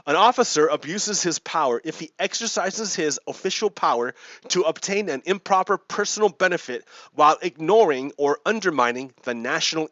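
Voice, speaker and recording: A man's voice: a little high, fairly bright tone, no echo. A man hosting a gaming video, reading out and explaining politics in a casual, chuckling way, often repeating himself. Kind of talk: casual commentary while playing a game. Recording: dry, dull lo-fi mic.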